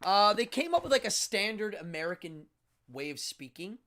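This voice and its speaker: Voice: mid-range voice, big pitch swings, normal speed, bright, forceful tone, a little hiss or hum. A host in their fifties talking alone on a live stream, in a teacherly way, enunciating carefully and stretching words for emphasis. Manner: demonstrative, teacherly, acts out sounds. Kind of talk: casual solo live-stream monologue.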